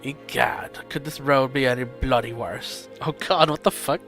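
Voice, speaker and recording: A man's voice: medium pitch, a little slow, creaky, fairly bright tone, soft background music. A man voicing a blustery, barking retired old nobleman who swears often. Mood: grumbling. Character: gruff loud old male noble, retired.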